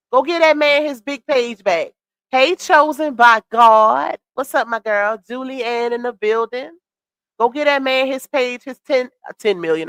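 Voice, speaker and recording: A woman hosting a casual livestream, reacting to gossip and shouting out viewers, her voice a little worn. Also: sits high, dry recording. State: voice slightly worn. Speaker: livestream host. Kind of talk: casual live-stream chat reading comments.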